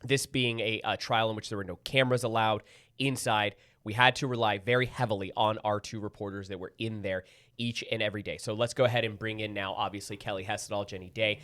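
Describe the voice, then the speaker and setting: A man's voice: fairly low pitch, fairly even intonation, fast talker, a bit bright. A man hosting a news talk show, chatting casually with frequent restarts and stammers. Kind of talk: casual studio chat.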